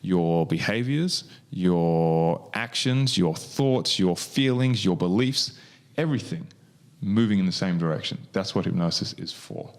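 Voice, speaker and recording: Deep guy rambling on a podcast, lots of likes and rights. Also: animated, measured pace. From Australia. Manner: rambling, many fillers and restarts. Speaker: podcast co-host, hypnotist. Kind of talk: casual podcast chat.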